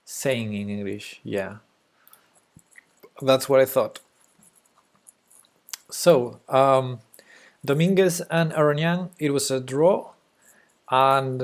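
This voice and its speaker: A young man with a Spanish accent, a native Spanish speaker, giving casual live-stream chess commentary in a hesitant way with fillers and soft laughs. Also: mid-range voice.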